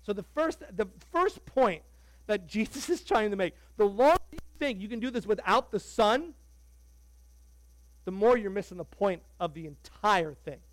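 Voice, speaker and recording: A man preaching a sermon as pastor, animated and conversational, joking with the congregation. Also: sits high, moderate pace, dry recording, rough recording.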